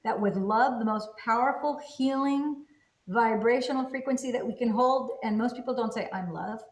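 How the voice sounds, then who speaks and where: A woman's voice: on the high side, normal speed. A woman hosting a casual teaching conversation, speaking emphatically and firing off rhetorical questions that she answers herself. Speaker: host reviewing a self-help book. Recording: roomy echo.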